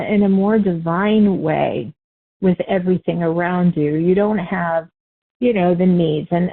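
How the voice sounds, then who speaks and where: Low-voiced woman teaching over a tinny line. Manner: loose and conversational, self-correcting, light laughs. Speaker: spiritual teacher. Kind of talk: unscripted spiritual teaching talk.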